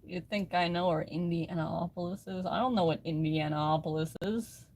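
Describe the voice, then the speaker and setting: A woman's voice: on the low side, fairly even intonation, normal speed, a little mellow. A woman chatting casually on a live stream, rambling and laughing at herself, recorded on a phone. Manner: rambling, self-mocking, often laughing.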